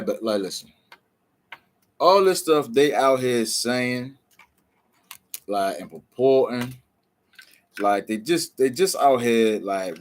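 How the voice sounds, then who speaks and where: A man vlogging with casual commentary, loose and slangy, full of "like" and "man". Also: medium pitch.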